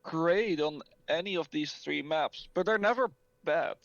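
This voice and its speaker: A man's voice: fairly high pitch, measured pace, no room sound. A man casting an esports match in a chatty, casual way, reading out viewer chat, heard over an online voice call. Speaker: esports caster. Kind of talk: casual game commentary. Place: home setup on an online voice call. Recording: dull, dry voice-chat audio.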